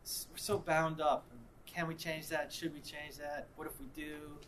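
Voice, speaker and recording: A man preaching, mixing reflection with an animated story in which he acts out the people involved. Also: a little high, moderate pace, background noise. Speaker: pastor. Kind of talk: sermon with storytelling.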